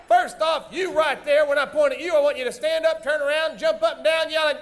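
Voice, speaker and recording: A man hosting a live stage comedy show, folksy and teasing, loudly acting out bits for the audience. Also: very high-pitched, brisk, few pauses. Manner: loud, folksy, teasing, acts out bits for the crowd. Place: stage of a large indoor comedy theater. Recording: live venue with band music and crowd noise.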